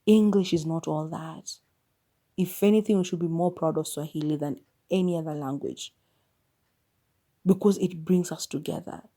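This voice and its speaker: A woman's voice: deep voice, fairly even intonation, normal speed, dark tone. A Kenyan woman hosting a solo podcast, sharing her opinions in a candid, musing way. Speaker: podcast host.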